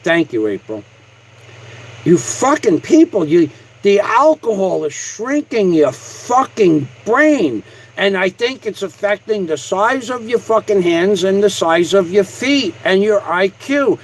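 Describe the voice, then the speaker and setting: Male livestreamer with a high voice, angry and crude, hammering the same point over and over. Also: very animated, slow, low-quality recording. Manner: angry, repetitive and heavily profane. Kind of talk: profane rant on a livestream.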